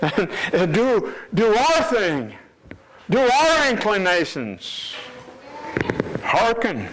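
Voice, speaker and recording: A man's voice: sits high, huge pitch swings, extremely slow, a bit bright, poor audio. A man preaching a sermon with emphasis, reading scripture aloud and repeating his words.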